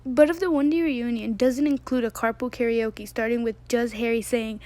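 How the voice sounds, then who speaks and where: A woman's voice: a little high, fairly even intonation, moderate pace, darkish tone. A young woman reading fan tweets aloud in a casual way, often breaking into laughter. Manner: giggly, keeps breaking into laughter.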